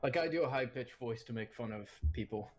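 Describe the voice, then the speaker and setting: A man playing a tabletop game over voice chat, jokey and teasing, with a husky voice. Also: medium pitch, a little fast, faint music behind. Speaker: player.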